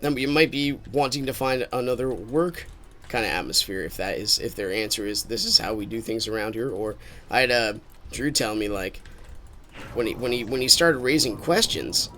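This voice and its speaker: A man's voice: on the low side, expressive, moderate pace, bright, forceful tone, a little hiss or hum. A man streaming a game with casual commentary, rambling and thinking aloud as he drifts into musings.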